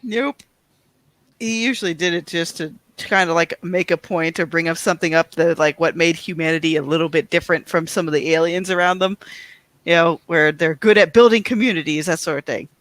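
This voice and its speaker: A woman on a casual livestream panel, excitable and quick to exclaim and laugh. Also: lowish voice, no echo.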